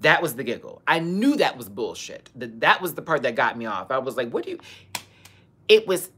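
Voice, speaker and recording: A woman's voice: rumbling low, sing-song, brisk, sharp tone, slight background noise. A young woman hosting a live Q&A, telling a story in a sassy, profane, dramatic way with bursts of laughter. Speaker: host of a live Q&A show. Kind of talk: casual storytelling on a livestream.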